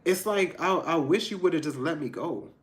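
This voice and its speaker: A man giving a casual tarot reading to his viewers, emphatic and frank, swinging between loud outbursts and low asides. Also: expressive, normal speed. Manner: frank and profane, addressing viewers directly. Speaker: tarot reader.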